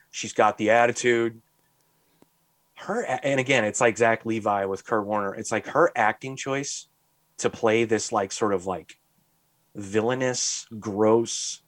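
A man's voice: mid-range voice, dry recording. Casual podcast host, male, exasperated rant delivery, leans on "like", dry close sound. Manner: animated ranting, heavy use of "like"; exasperated, mocking.

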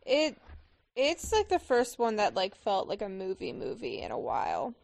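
A woman's voice: medium pitch, wildly swooping pitch, normal speed, creaky, darkish tone, no room sound, studio quality. A woman co-hosting a podcast, reacting emotionally and chatting casually about a movie. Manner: emotional, effusive, swearing. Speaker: podcast co-host. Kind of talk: casual movie-watch commentary.

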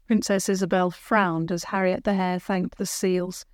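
A woman's voice: lowish voice, flat delivery, measured pace, hardly any pauses, dry recording, clean studio sound. Woman reading a bedtime story. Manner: gentle, clear read-aloud. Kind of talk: children's storybook narration.

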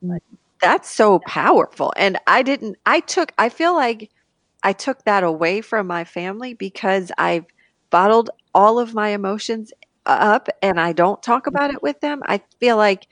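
A woman speaking candidly as a guest in a personal conversation, halting with frequent restarts and turning animated when she quotes others. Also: medium pitch, no echo.

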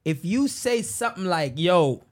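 A man's voice: high-pitched, sing-song, normal speed. A man from Jamaica with a Jamaican accent, talking playfully in a casual chat among friends and laughing often.

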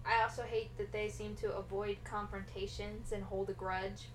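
A woman's voice: medium pitch, flat delivery, moderate pace, a little hiss or hum. A young woman co-hosting a casual podcast, teasing and slangy in a laid-back way. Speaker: podcast co-host. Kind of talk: casual chat.

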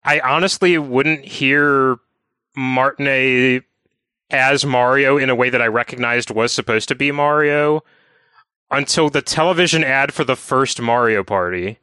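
A man co-hosting a podcast, chatting casually and telling anecdotes in a measured, explaining way. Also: medium pitch, sharp tone, clear, resonant tone, no echo. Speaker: podcast co-host.

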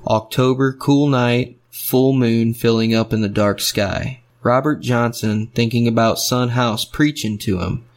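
A man's voice: medium pitch, measured pace, few pauses. A man narrating a story in rhythmic, fragmentary phrases.

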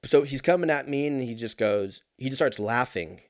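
A man in his early thirties rambles through an animated, profane anecdote at a moderate pace, full of fillers and swearing. His medium-pitched voice is recorded dry and close.

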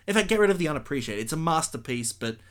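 A man's voice: on the high side, animated, very fast, a bit bright. A man co-hosting a film review podcast, rambling animatedly through vivid hypotheticals with the odd swear word. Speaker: podcast co-host reviewing films. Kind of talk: casual film review chat.

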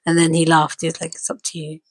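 A woman with a husky, slightly breathy voice chats on a podcast, recounting events with lively, animated storytelling. The sound is dry and close, with no room around it. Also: deep voice, fast, no room sound. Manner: animated storyteller, acts out quoted dialogue. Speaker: podcast co-host and mother. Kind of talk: casual chat.

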